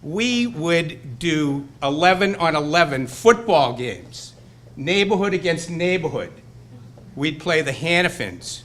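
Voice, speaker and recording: Older man with a Boston accent, bright and lively. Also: a little high, slow pace. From Burlington, Massachusetts. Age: 60s. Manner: rambling, nostalgic, fired-up storytelling. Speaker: hall of fame inductee. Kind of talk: acceptance speech. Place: banquet hall.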